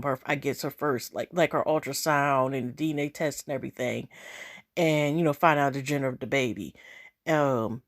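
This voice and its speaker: A woman casually recapping a reality show episode, rambling with lots of fillers and talking straight to her viewers. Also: low-pitched. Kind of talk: casual chat.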